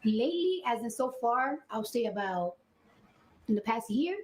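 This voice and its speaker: Animated woman testifying in court. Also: on the high side, moderate pace, poor audio. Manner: animated storytelling, acts out quoted dialogue in slang. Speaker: trial witness.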